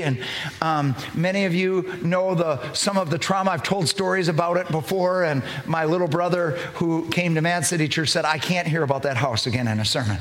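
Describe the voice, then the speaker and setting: Middle-aged pastor guy preaching, high voice, stumbles and restarts a lot, gets more intense as he goes. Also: fairly bright tone. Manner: storytelling with frequent restarts and rising intensity. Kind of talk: sermon.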